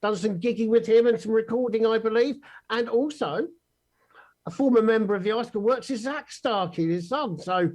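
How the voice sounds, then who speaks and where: A man's voice: high-pitched, normal speed, darkish tone. A male interview host who is enthusiastic and encouraging, giving frequent short responses. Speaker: show host.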